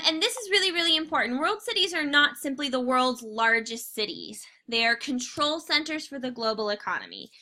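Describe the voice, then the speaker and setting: Woman, teacher, chatty recorded lecture, lots of fillers, very bright tone, fairly high voice. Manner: casual, chatty, many fillers.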